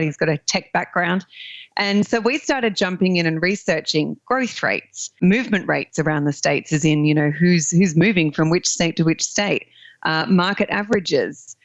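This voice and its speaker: A friendly, outgoing Australian woman with a fairly low voice speaks as a podcast guest. Her audio is dull and slightly lo-fi in a dry space with no room sound. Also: no echo. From country Australia. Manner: friendly, outgoing, laughs often. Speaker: guest, land investor. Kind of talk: podcast interview.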